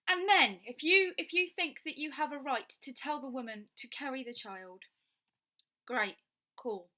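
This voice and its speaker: A young Englishwoman with a bright, edged voice pitched a little high. She gives her opinions to camera in a blunt, outspoken vlog rant and swears freely. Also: measured pace. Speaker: vlogger.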